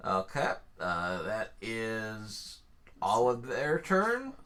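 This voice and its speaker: A man running a tabletop role-playing game as game master, giving unhurried, matter-of-fact rulings. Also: fairly low pitch, huge pitch swings, pushed and bright.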